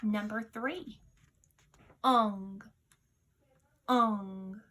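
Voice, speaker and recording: A woman teacher leading a recorded phonics dictation lesson, sounding out each word slowly and deliberately. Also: medium pitch, pushed and bright.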